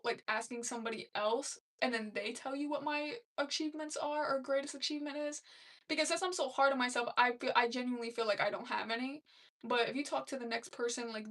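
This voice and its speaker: A woman's voice: sits high, fairly bright tone, recorded from a distance. A young woman hosting a casual live stream, chatting loosely and laughing as she reads comments aloud. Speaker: livestream host.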